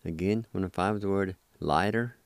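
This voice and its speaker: A man's voice: low voice, normal speed, smooth, dry recording. A man teaching vocabulary, spelling out each word letter by letter and repeating every syllable patiently, with a studio sound. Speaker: language teacher. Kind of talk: slow spelling and pronunciation drill.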